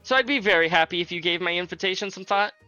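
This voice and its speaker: A man's voice: high voice, fast, sharp tone, clear, resonant tone, muffled recording, faint music behind. A man voicing a playful, teasing fifteen-year-old princess, reading game dialogue aloud in a raised, girlish, polite voice.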